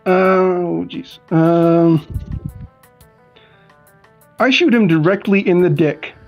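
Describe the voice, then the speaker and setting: A man's voice: sits high, very slow, soft background music. A man playing in a tabletop game, describing his character in a laid-back way with many fillers. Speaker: player.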